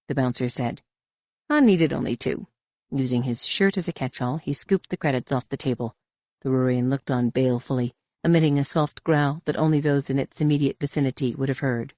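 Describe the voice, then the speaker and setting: Male audiobook narrator, even scripted delivery, dry booth sound. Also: fairly high pitch, brisk, dry recording.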